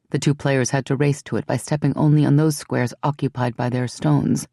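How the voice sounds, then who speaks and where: Gravelly, mellow audiobook narrator. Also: mid-range voice, dry recording, studio quality. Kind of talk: scripted narration.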